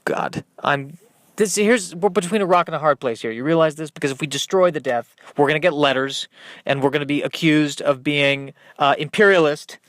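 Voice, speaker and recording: Fretting, stammering spaceship captain who frets over paperwork and can't make a decision, voiced by a man in a comedy audio sketch. His slightly high voice is recorded dry and close, with no room sound at all. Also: a little fast, fairly bright tone, no echo, lightly acted. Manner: stammering, fretful, apologetic. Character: flustered, dithering male starship captain.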